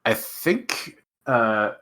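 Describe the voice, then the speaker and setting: Bright-voiced, dry-humored podcast co-host man. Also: medium pitch, big pitch swings. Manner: measured, hesitant, dry humor. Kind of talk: casual chat.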